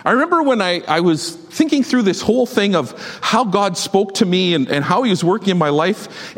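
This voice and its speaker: A man preaching a sermon as a pastor, emphatic and exhorting his congregation with quick asides. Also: high-pitched. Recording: long hall reverb.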